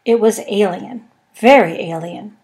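A woman narrating a comic science fiction novel in a measured, wry storytelling manner. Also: mid-range voice, a little mellow. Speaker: podcast narrator. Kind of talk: audiobook reading.

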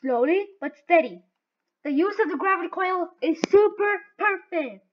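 Woman w/ a high voice yelling and chattering thru a game, kinda muffled lo-fi sound. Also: moderate pace. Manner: excitable, talks to herself while playing. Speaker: gaming video host. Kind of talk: live gameplay commentary. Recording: dull lo-fi recording.

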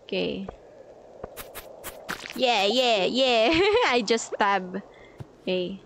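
A woman's voice: fairly high pitch, very animated, extremely slow, a bit bright, a little hiss or hum. A woman casually commenting on her own gameplay, playfully chatting at the enemies and giggling often. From Philippines. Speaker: gaming channel host. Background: background music.

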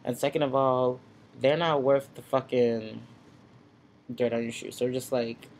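A man's voice: mid-range voice, little pitch movement, measured pace, a little mellow, a little hiss or hum. A man ranting in a casual, sassy vlog, talking bluntly into his computer's webcam at home. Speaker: vlogger. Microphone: built-in computer webcam mic.

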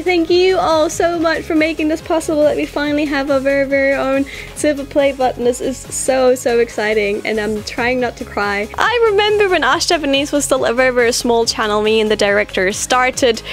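A YouTuber host with a high-pitched voice chats casually in a vlog. She's bubbly and excitable, often bursting into exclamations, while music plays faintly in the background.

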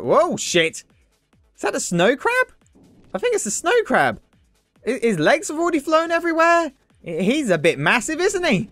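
A young man commentating his own gameplay, excitable, swearing and joking at himself. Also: very high-pitched, no room sound. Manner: excitable, swearing, self-mocking jokes. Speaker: gaming video host. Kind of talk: let's play commentary.

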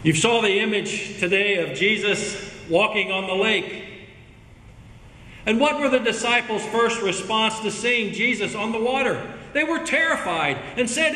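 High-voiced preaching man in echoey church. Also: measured pace. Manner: earnest, expressive preaching. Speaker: pastor. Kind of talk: scripture reading and sermon. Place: church sanctuary. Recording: echoey church hall with faint ambience.

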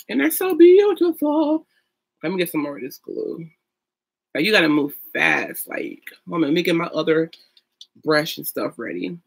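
Young female beauty vlogger, bright tone, chatty and effusive; casual get-ready-with-me talk. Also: lowish voice. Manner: chatty and gushing, with fillers and sung sounds.

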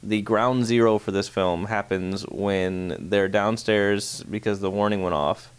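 Deep-voiced man casually recapping. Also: fairly even intonation, unhurried, clean tone. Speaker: podcast co-host. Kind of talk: casual chat.

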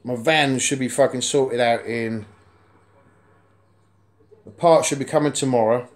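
A man's voice: mid-range voice, a little slow. A man, vlogging from indoors in a house, rambling bluntly and swearing constantly. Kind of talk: casual vlog chat.

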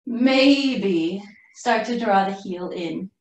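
A woman leads a yoga class in a slow, unhurried voice, a little high, breathless from moving through the poses with her students. She sounds well away from the microphone, and the studio rings with a strong echo. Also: slight background noise. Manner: calm breathy cueing while flowing through poses herself. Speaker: yoga instructor. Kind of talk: live yoga class cueing. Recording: roomy echo from far off the mic.

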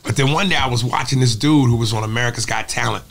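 A man's voice: mid-range voice, quick pace, creaky. A middle-aged man, a comedian and impressionist, telling stories in a casual interview and slipping into voices. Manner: animated storyteller who drops into voices.

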